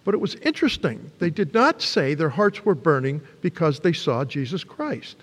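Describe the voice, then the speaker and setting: An older man preaching a sermon in a church, telling the story with lively swings in his voice. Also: moderate pace, husky, in a large hall. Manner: animated storytelling, pitch swings for emphasis.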